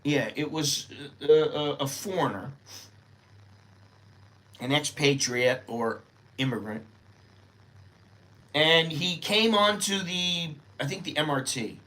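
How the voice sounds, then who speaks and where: A man's voice: on the high side, expressive, takes it slowly, long pauses, sharp tone. An older American man who is a vlogger, talking in a rambling, chatty, unscripted way and thinking aloud as he goes. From United States. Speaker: vlogger living in Thailand. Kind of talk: casual unscripted monologue.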